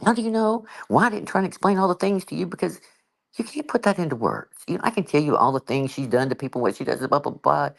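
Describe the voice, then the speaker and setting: A woman hosts a relaxed livestream chat, her pitch swinging widely as she tells a story. She acts out the exchanges she describes and keeps the talk loose and conversational. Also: fast talker, creaky, rough recording. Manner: frequent "you know" fillers. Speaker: channel host.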